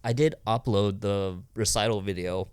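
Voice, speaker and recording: Laid-back low-voiced podcast guy. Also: steady tone, moderate pace, darkish tone, clear, resonant tone. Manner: laughs often, loose and rambling with many fillers. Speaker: podcast co-host. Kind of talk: casual chat.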